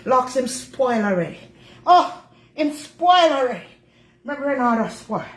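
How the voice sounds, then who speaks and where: A woman's voice: sits high, sing-song, a little slow. A woman playing a bossy, dramatic character, Master Baker, in a comedy sketch. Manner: bossy, dramatic, fussing over a baby. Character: bossy middle-aged woman Master Baker, Jamaican patois. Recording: echoey room with faint noise.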